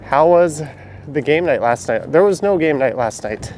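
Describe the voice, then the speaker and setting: A man's voice: fairly high pitch, expressive, normal speed, darkish tone, a little hiss or hum. Chatty man streaming outdoors. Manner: chatty, answers viewer questions as he walks. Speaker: live-stream walking vlogger. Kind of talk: casual live-stream narration reading chat. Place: outdoors on city streets and alleys at night.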